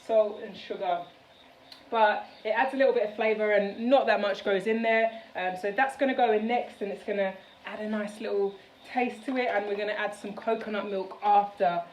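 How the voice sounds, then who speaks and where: A woman's voice: medium pitch, steady tone, normal speed, a little hiss or hum. A woman from the United Kingdom chatting casually in a cooking vlog from her home kitchen, rambling with many fillers. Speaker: vlogger. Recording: roomy kitchen, mic at a distance, faint background.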